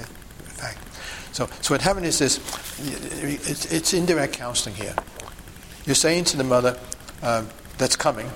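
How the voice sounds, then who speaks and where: A man leads a hands-on teaching session for a group, speaking at a middling pitch. He talks emphatically and keeps checking in with his listeners. He leans on rhetorical questions, with a faint hiss of noise behind him. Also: creaky, a bit bright, low-quality recording. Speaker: sidewalk counselor teaching a group. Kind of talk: instructional talk to a group.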